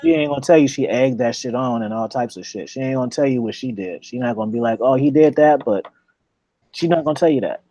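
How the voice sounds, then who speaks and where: A man's voice: medium pitch, quick pace, warm tone, dry recording. A man in casual chat, telling a long rambling story with lots of profanity and repeated words.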